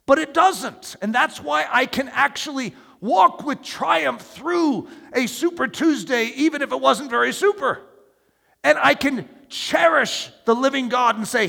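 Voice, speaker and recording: With lively intonation and a slightly slow delivery, this man preaches a sermon in an emphatic, conversational style, asking the congregation questions. His voice is high, gravelly, and bright with wide pitch swings, echoing through the long reverb of a big hall.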